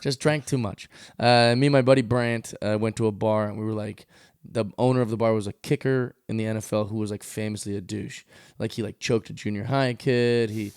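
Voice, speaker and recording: A comedian guest on a podcast, casually telling a story and acting out the people in it. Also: male voice, lowish voice, brisk, smooth, no echo, clean studio sound. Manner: animated, acts out quoted voices.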